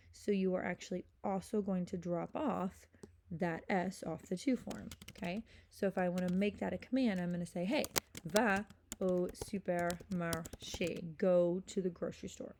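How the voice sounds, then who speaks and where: Patient woman teacher with a gravelly voice. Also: on the low side, dark tone, a little hiss or hum. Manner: patient, checks in with "okay?" constantly. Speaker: French teacher. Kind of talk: recorded grammar lesson.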